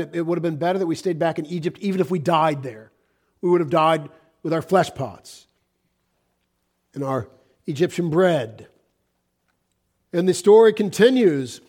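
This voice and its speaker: A man's voice: high voice, darkish tone. A man preaching a sermon, reading scripture aloud and explaining it in an earnest, emphatic manner.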